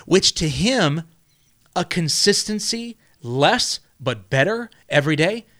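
A man with a slightly high voice tells a story in loose, rambling fashion. He keeps restarting his sentences and keeps checking in with his listener as he goes. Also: very animated, takes it slowly, a bit bright. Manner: rambling storyteller, many restarts and "right?" tags. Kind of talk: casual conversational advice.

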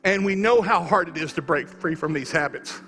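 A man preaching a sermon, telling a story quietly and then building to fervent, rising exhortation. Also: fairly high pitch, moderate pace, soft background music. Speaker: pastor. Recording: long reverb of a large hall.

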